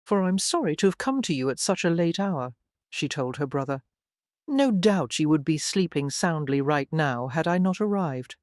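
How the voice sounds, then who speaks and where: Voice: medium pitch, expressive, moderate pace, darkish tone, no echo, clean studio sound, lightly acted. The audiobook narrator voicing an earnest young married woman trying to sound pragmatic while upset. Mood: apologetic. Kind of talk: audiobook character voice.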